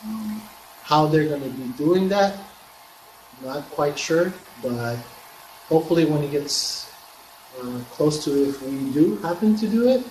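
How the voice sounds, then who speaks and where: A man's voice: on the high side, lively intonation, measured pace, darkish tone. A man answering stream questions for a game company, careful and hedging, with fillers. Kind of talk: casual Q&A answers. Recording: roomy sound with faint background hiss.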